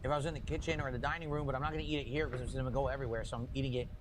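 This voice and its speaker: A man's voice: mid-range voice, flat delivery, racing. A man livestreaming from his own room, chatting casually and explaining himself at length in a defensive way.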